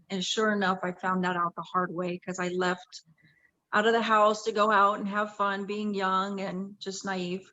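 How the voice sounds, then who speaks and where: A woman's voice: mid-range voice, little pitch movement, moderate pace, pushed and bright, dull audio. A woman in her fifties from the Los Angeles area telling her life story in a chatty way, often correcting herself. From Los Angeles area, USA. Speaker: interview guest. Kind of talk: casual interview storytelling.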